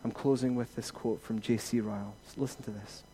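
A man preaching a sermon as pastor, rising to emphatic peaks and then dropping to quiet reassurance. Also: medium pitch, fairly even intonation, brisk, slight background noise.

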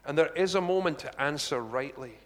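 A man giving a conversational sermon, animated and chatty, with asides to the congregation. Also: fairly high pitch, brisk. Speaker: preacher. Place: church hall. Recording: long reverb of a large hall.

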